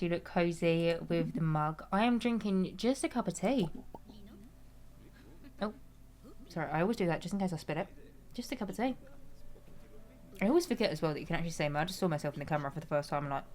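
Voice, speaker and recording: British woman, young, lowish voice, chatty streamer, casual swearing. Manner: chatty, reads chat aloud and answers, swears casually. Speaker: game streamer. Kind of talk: casual live-stream chat.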